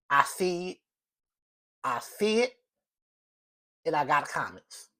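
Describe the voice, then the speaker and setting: A man's voice: a little high, sing-song, takes it slowly, long pauses, pushed and bright. A man from the United States hosting his own show, giving an emphatic, repetitive monologue full of restarts. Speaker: show host. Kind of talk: opinionated solo monologue.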